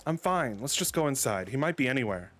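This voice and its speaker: A man's voice: mid-range voice, very animated, fairly quick, a bit bright, faint music behind, voice pushed up. A man voicing a wary young woman writer, guarded and dry.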